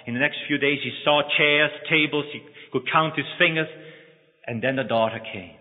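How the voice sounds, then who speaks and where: A man's voice: fairly high pitch, moderate pace. A male preacher telling a story in a dramatic, emotional sermon. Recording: echoey hall, phone-like lo-fi.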